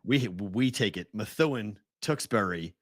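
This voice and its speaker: A man's voice: lowish voice, expressive, slow pace, dry recording, clean studio sound. A man with a Boston-area accent, co-hosting a sports talk show in casual chat, often laughing as he spells out town names. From Merrimack Valley, Massachusetts.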